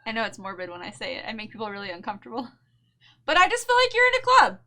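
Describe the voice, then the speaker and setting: A woman's voice: a little high, huge pitch swings, fast, bright, forceful tone. A woman co-hosting a casual show, chatting in a bubbly way and laughing often, with a New Jersey accent. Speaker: podcast co-host. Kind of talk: casual chat recap.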